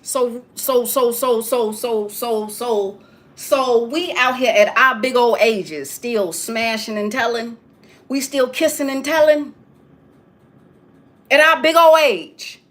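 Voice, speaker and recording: A woman with a high-pitched voice preaches straight to her viewers. She lectures with blunt emphasis and keeps circling back to the same phrases. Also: slow pace, fairly bright tone. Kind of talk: preachy straight-talk monologue.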